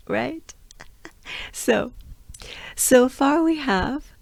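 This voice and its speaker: A woman's voice: fairly low pitch, slow, darkish tone, no room sound, studio quality. A woman from France with a French accent, teaching pronunciation and drilling exaggerated vowel sounds over and over. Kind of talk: pronunciation lesson.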